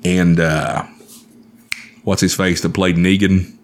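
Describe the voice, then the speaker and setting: Deep-voiced man telling stories casually. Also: takes it slowly, a little hiss or hum. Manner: profane, animated storyteller. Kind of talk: casual storytelling chat.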